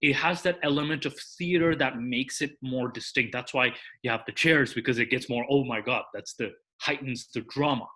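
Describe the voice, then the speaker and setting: A man appearing as a podcast guest explains things at length in casual chat, restarting sentences and rambling while tacking "that is" onto his points. His voice is medium-pitched with a sharp tone, at a moderate pace with few pauses.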